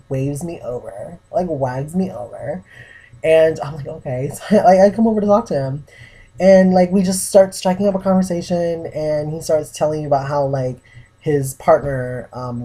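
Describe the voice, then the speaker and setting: A man's voice: medium pitch, mellow, slightly rough. A young man vlogging to his viewers, telling a story in a chatty way full of "like" fillers. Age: young adult. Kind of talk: casual chat to camera.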